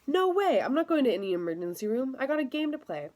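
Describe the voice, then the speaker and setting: A woman voicing a brash, defiant teenage boy who captains a soccer team, talking loud and pushy in an audiobook reading. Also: on the low side, fast talker, natural voice. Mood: protesting.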